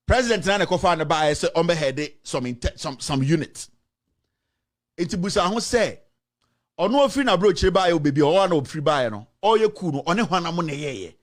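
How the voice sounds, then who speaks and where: A man's voice: on the high side, expressive, a little fast. A man from Ghana with a Ghanaian accent, hosting a political commentary show with impassioned, indignant ranting and switching between English and Twi. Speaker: show host.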